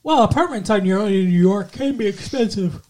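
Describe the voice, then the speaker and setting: A man co-hosting a podcast in casual chat, animated and slipping into the characters' lines as he retells scenes. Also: sits high, a little fast. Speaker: podcast co-host. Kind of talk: casual movie-review chat.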